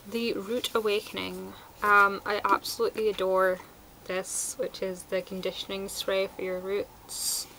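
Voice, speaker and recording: A woman's voice: medium pitch, sharp tone, slight background noise, rough recording. A woman chatting casually through a product review, enthusiastic and sprinkled with fillers. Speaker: beauty vlogger.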